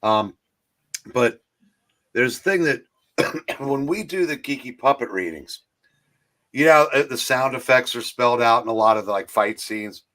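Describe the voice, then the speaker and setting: A man co-hosting a casual movie talk stream, rambling and halting with many restarts, talking into a streaming call mic. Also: medium pitch, lively intonation, fairly bright tone. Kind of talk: casual chat.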